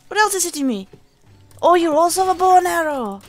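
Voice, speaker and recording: A woman talks over her gameplay in a high voice, cursing freely and chatting to viewers. Her delivery swoops up and down, with a playful mock pirate lilt. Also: very animated, moderate pace, long pauses. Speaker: gaming channel host. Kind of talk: let's play commentary.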